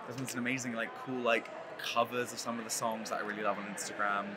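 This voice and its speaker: Chatting casually in an interview, this man, a co-writer of a musical, rambles and leans heavily on "like." His mid-range voice stays steady as he talks fast over background noise.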